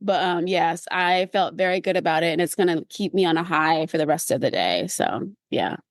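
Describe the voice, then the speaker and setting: Podcast co-host, woman, playful and animated, dry close-mic sound. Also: moderate pace, dry recording. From California. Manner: animated, playful, breaks into high mimicking voices. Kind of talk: casual chat.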